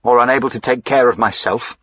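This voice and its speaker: A man's voice: lowish voice, expressive, moderate pace, pushed and bright, slightly rough, no room sound, highs cut off, full character voice. A man voicing a moody, short-tempered young aristocrat with a clipped, sardonic way of speaking. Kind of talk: audiobook character voicing.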